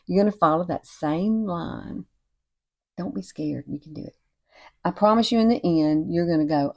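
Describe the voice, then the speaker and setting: A woman, chatting warmly and encouragingly through a makeup tutorial at home. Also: on the low side, moderate pace, vocal fry. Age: 60s. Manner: chatty and encouraging, often says y'all and girl. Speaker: beauty vlogger. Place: home at night with cicadas outside.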